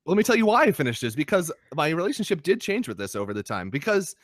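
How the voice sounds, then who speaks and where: A young adult man co-hosting a podcast, talking in casual chat with animated, profane ranting. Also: a little high, quick pace, dry recording, studio quality. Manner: animated, swearing, ranting critique. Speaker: podcast co-host. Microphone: podcast microphone.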